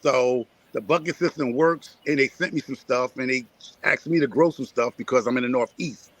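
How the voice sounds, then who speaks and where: A man's voice: mid-range voice, moderate pace, fairly bright tone, dry recording. A man from Connecticut talking gardening on a live chat, repetitive and preachy as he rallies his listeners. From Connecticut, USA. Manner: preachy, repetitive, rallying the audience. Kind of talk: casual chat.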